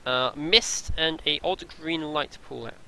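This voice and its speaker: A man running a tabletop game as game master, describing scenes in a halting way with many fillers. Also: a little high, vocal fry, pushed and bright, a little hiss or hum, rough recording.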